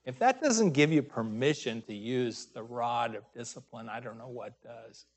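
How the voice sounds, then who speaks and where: A man preaching a sermon, pausing often and raising his voice to stress scripture readings. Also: mid-range voice, expressive.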